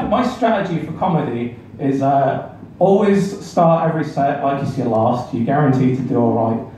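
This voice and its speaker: A man doing a stand-up set, self-deprecating and chatting awkwardly with the audience. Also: fairly high pitch. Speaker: stand-up comedian. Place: comedy club stage. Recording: echoey club room, mic far off, background noise.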